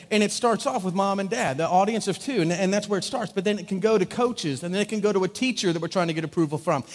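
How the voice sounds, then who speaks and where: A pastor delivering a sermon with a notably high voice. He talks conversationally, acting out small scenes and dropping from loud lines to hushed ones. The sound carries a long reverb from a church sanctuary. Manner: conversational, acts out little scenes with wide swings from loud to hushed. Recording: hall reverb.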